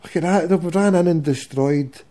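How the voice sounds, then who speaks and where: A man's voice: on the high side, normal speed, mellow. A man with a Glasgow accent hosting, teasing and swearing in casual banter with a caller. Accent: Scottish, Glasgow. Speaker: host. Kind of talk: casual chat.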